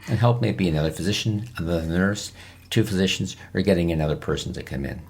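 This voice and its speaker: A man's voice: sits low, quick pace, gravelly, a little mellow, breathy edge. A man speaking as a guest expert on an emergency medicine podcast, giving emphatic advice on handling difficult patients. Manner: emphatic, acts out patient lines in quotes. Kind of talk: podcast interview teaching.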